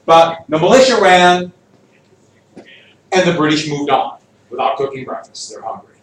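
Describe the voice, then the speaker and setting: Animated teacher in an echoey classroom. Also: male voice, fairly high pitch, a little slow, far from the mic. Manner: animated, jokey, quizzes the class. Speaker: history teacher. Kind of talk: classroom lecture with student questions.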